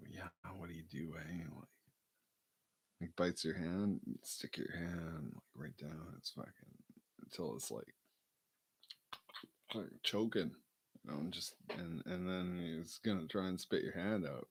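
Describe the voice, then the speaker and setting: A man's voice: deep voice, a little slow, breathy edge, dry recording. A man in casual, meandering chat, joking and swearing with lots of fillers.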